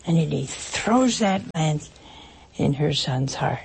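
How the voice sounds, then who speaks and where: A woman preaching an emotional sermon, pausing dramatically and dropping at times to a whisper. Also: sits low, animated, gravelly, darkish tone, slightly rough.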